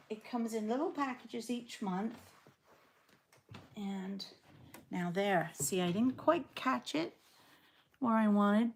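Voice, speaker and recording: A woman's voice: mid-range voice, vocal fry, darkish tone. A woman in her sixties, originally from England, talking with a Canadian accent in a chatty, rambling way while she sews and chats. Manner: chatty, rambling, self-deprecating. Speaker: quilting vlogger. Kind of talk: casual sew-along chat.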